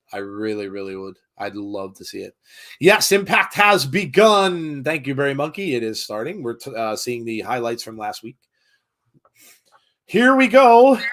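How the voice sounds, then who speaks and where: A middle-aged American man co-hosting a live wrestling watch-along, rambling casually and reading chat comments aloud. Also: mid-range voice. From United States.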